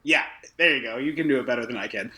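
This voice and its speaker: A man co-hosting a casual film podcast, talking in an animated, jokey way and readily conceding points. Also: medium pitch, fast talker. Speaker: podcast co-host.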